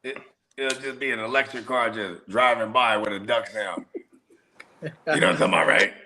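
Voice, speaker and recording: A man's voice: on the low side, normal speed, sharp tone, slight background noise. A man co-hosting a casual show, rambling through slangy stories that trail off mid-thought. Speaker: co-host. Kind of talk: casual chat.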